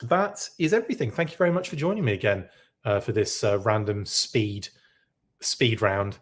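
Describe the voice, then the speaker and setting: A man's voice: lowish voice, normal speed. A man hosting a live podcast who reacts to news in a casual, rambling way and keeps correcting himself. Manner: rambling, self-correcting, chatty. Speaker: podcast host.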